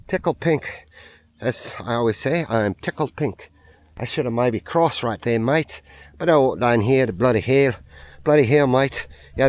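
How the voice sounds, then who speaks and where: A man walking his farm outdoors, rambling in an upbeat, sweary, casual vlog to a handheld camera. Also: medium pitch. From United States. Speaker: vlogger, farm owner.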